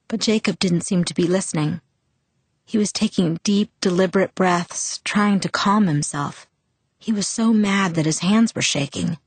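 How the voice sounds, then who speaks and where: Audiobook narrator, female, lower pitch, dry close sound, measured delivery. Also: dry recording. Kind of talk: first-person novel narration.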